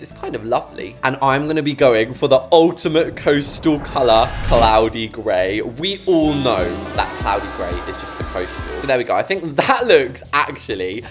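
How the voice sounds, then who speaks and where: A man, chatting and joking with viewers while commentating his game building. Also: medium pitch. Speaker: gaming YouTuber. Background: background music.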